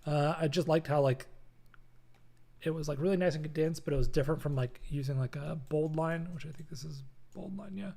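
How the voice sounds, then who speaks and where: A young man hosts a casual live design stream from his apartment, chatting loosely and filling gaps with lots of fillers. His voice sits a bit high but sounds mellow and dark, with plenty of gravelly fry. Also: brisk. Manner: loose and chatty, many fillers, reads chat aloud. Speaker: creative director hosting a design stream. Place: home apartment.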